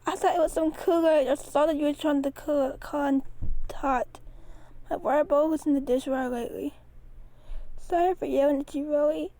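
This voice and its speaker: Lady doing a squeaky weepy puppy boy, all choked up, loud and high. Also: fairly even intonation, measured pace, hardly any pauses. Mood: tearful. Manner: tearful, choking up. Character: young male puppy, scared and weepy.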